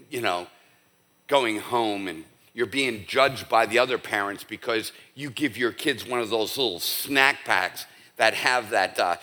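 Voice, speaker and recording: A middle-aged man preaching a sermon as pastor, conversational, dropping to a hush and then rising to emphatic peaks. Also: lowish voice. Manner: conversational, swinging between hushed and emphatic. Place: church.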